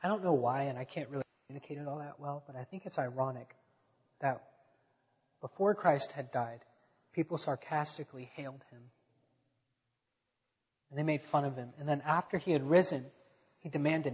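A man preaching a sermon to a congregation, rising to loud emphatic swells and dropping back to quiet speech. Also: fairly high pitch, normal speed, long pauses, breathy edge. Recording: dull echoey sanctuary recording.

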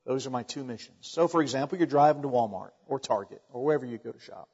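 A pastor preaching a sermon in a conversational way, asking the congregation rhetorical questions and adding joking asides. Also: male voice, mid-range voice, expressive, fast, darkish tone, breathy edge. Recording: dull long reverb in a large hall.

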